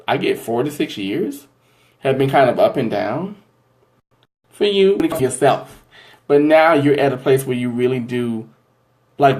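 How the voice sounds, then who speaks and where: Male tarot-reader host on a live stream, chatty, affectionate, quick to gush with thanks. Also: medium pitch, a little mellow. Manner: affectionate, calls viewers y'all and honey; gushing and effusive with thanks. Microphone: livestream from a phone or webcam.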